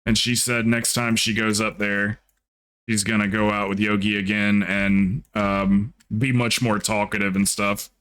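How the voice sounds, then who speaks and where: A man from the American South with a mild Southern accent, telling stories in a relaxed, rambling way during a casual stream chat. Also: fairly low pitch, measured pace, clear, resonant tone.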